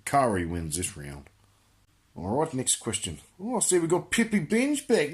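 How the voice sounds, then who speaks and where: A man's voice: mid-range voice, huge pitch swings, moderate pace. Brash Australian man, crude comic rant. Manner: brash, boisterous, laughs at his own jokes. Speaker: comedy host answering viewer questions.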